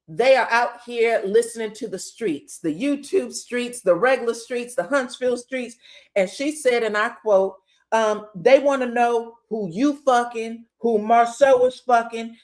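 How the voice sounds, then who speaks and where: A woman's voice: fairly high pitch, unhurried. A woman giving a casual, profane gossip recap of a reality show, acting out the people she quotes. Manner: animated, acts out quotes, profane and laughing.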